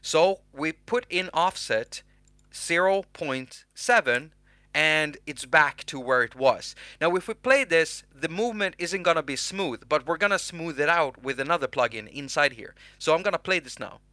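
Man, casual tutorial host, bright forceful voice, dry close sound, jokes at himself. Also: on the high side, lively intonation, normal speed, dry recording. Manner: joking, self-mocking, chatty.

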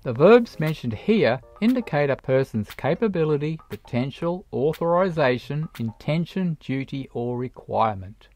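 A narrator giving a scripted grammar lesson for English learners, explaining each point slowly and deliberately with read-out examples. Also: medium pitch, lively intonation, darkish tone, dry recording, soft background music. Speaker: English teacher.

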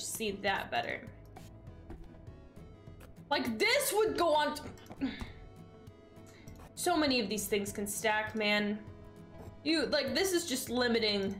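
A woman's voice: fairly high pitch, fairly bright tone. A woman streaming a game in casual chat, exasperated and sarcastic, swearing freely. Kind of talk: casual live-stream chat while gaming.

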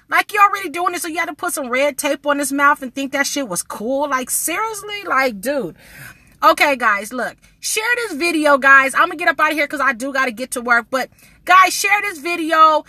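A woman's voice: high-pitched, lively intonation, moderate pace, pushed and bright, no room sound. A woman, ranting to her camera in a blunt, indignant vlog full of swearing. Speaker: vlogger. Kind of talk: casual vlog rant to camera.

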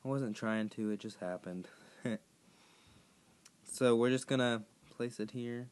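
A hoarse man who has partly lost his voice, chatting casually to viewers as he plays a game and sets tasks for them. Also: mid-range voice, a little slow, long pauses, a little mellow. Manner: rambling, chatty, addressing viewers directly. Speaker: gaming YouTuber. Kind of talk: casual gameplay commentary.

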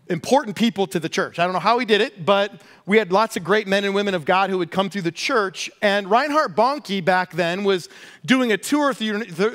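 A pastor preaching a sermon, telling a personal story with lively, self-deprecating humor. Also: male voice, high voice.

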